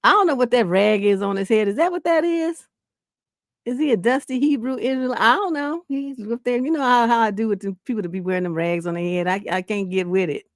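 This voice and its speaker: A woman host, telling stories on a casual livestream in a blunt, profane, animated way. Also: a little high, brisk, dry recording, clean studio sound. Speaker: relationship coach, live stream host.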